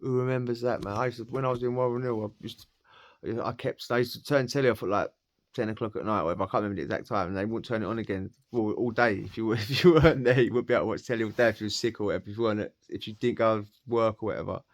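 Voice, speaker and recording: A man's voice: lowish voice, very fast. A man from Essex with an Essex accent telling a story casually, full of slang, swearing and laughter. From Essex, England. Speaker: podcast storyteller.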